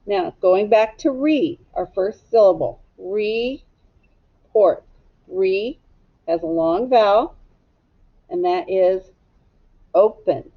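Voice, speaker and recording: A middle-aged woman teacher giving a slow, patient phonics lesson, sounding out word parts step by step. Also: medium pitch, highs cut off. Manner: slow, patient, drawn-out instruction.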